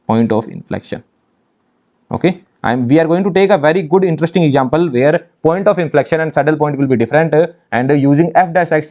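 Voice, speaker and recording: A man's slightly high, slightly mellow voice leads an online exam-prep lecture in engineering maths. Emphatic in style, he repeats phrases and asks rhetorical questions. The recording has a dull, lo-fi quality.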